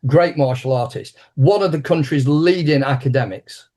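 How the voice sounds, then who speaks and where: A man in his sixties, a martial arts teacher being interviewed, tells a story with animated energy. His voice sits at a middle pitch, and he often restarts and repeats his words as he goes. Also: normal speed.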